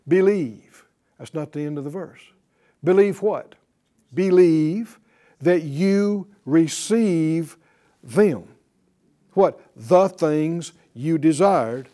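High-pitched guy preaching slow to a bible class, mellow tone, keeps asking them questions. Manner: emphatic and repetitive, questioning the class. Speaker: Bible teacher. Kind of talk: sermon-style Bible class teaching.

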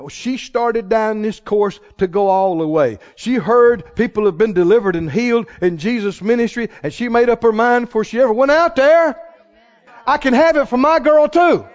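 A man preaching a sermon who rises into shouts and calls out questions to the congregation. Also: sits high, moderate pace, hardly any pauses, lo-fi sound.

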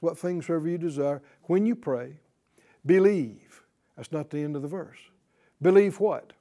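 High-voiced, slow, emphatic male Bible teacher. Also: mellow. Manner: emphatic, repeats and quizzes the class.

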